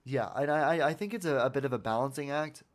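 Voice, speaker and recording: A medium-pitched man talks fast on his podcast about motivation, casual and earnest, often repeating words as he goes and swearing now and then.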